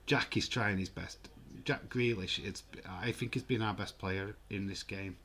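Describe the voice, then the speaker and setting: A man giving casual, excitable live football commentary and reading out viewer comments. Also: fairly low pitch, measured pace. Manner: chatty, excitable, reads viewer comments aloud. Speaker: host of a live football watch-along.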